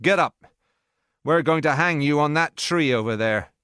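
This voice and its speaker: A man voicing a stern male army officer who barks harsh orders in a raised, forceful voice. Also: mid-range voice, unhurried, clean tone, no echo, clean studio sound, voice pushed up, lightly acted. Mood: scornful.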